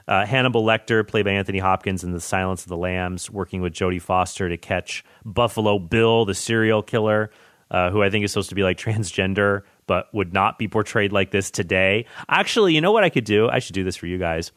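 A man hosting a podcast, chatting about movies in an enthusiastic, rambling way with excited tangents. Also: deep voice, fairly quick, dry recording, studio quality. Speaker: podcast host. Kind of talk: casual movie chat.

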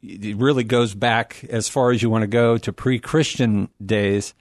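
A middle-aged man as a radio guest, talking in an enthusiastic, rambling way with a preacher's warmth. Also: lowish voice, fairly even intonation, unhurried, dry recording, studio quality. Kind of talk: casual radio talk.

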